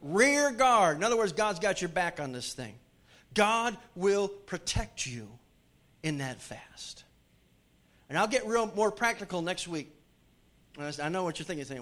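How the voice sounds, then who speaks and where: A man preaching a sermon to his congregation in a church, joking with the crowd and swinging from loud calls to hushed pleading. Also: high-pitched, lively intonation, unhurried. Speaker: pastor. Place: church sanctuary.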